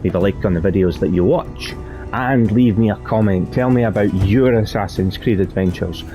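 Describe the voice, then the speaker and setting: A man with a deep, warm voice hosts his gaming channel and comments as he plays. He talks in a loose, chatty way, circling back and correcting himself mid-sentence. Soft music sits quietly under his voice. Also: normal speed. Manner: chatty, rambling, self-correcting. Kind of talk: let's play commentary.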